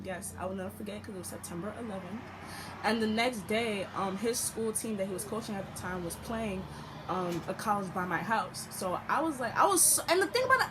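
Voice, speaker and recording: A young woman telling a storytime vlog, animated and profane, acting out the people she quotes. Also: medium pitch, noisy background. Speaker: storytime vlogger.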